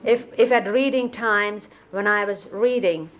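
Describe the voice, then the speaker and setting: In a 1970s videotaped sit-down interview, a woman with a medium-pitched voice, its highs cut off, slowly reminisces about a spiritual teacher she was close to. She tells old stories unhurriedly, explaining and demonstrating hand gestures.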